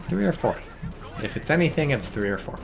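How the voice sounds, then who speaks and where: A man giving casual, excitable commentary on a strategy game, swearing and reading chat aloud. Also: mid-range voice, fairly quick, creaky, music in the background. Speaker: game caster.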